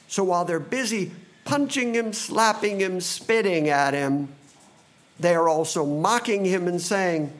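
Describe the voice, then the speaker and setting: A man preaching a sermon, reading scripture slowly and dramatically, then speeding up for asides. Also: sits high. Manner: slow and dramatic, quickening in asides.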